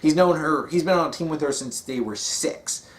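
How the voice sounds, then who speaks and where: A man's voice: fairly high pitch, moderate pace. A man giving a casual, rambling monologue, with many fillers and restarts. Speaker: video essayist.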